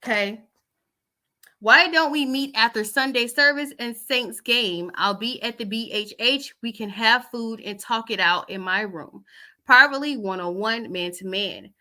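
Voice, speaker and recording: Bright-voiced chatty woman. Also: on the high side, a little slow. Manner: chatty, loose and conversational, with asides. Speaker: host. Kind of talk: casual chat reading out text messages.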